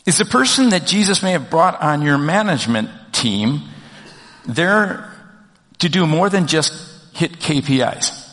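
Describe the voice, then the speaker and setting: A man's voice: a little high, expressive, a little slow, fairly bright tone. A man pastor giving a conversational sermon, asking the congregation questions as he goes. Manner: conversational preaching with rhetorical questions. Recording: long reverb of a large hall.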